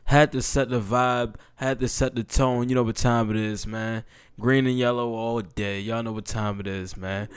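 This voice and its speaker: A young adult man hosting a casual football podcast, excitable and chatty, with loose talk full of fillers and restarts. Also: mid-range voice, normal speed, clear, resonant tone, no echo, studio quality. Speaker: podcast host.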